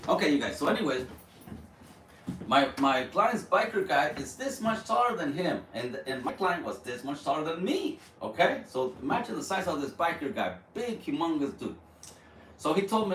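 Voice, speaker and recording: A man hosting a live stream, telling a story in a casual, animated way, stumbling over repeated words and dropping Spanish slang. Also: a little high, normal speed, a little hiss or hum. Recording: roomy, distant mic, faint background.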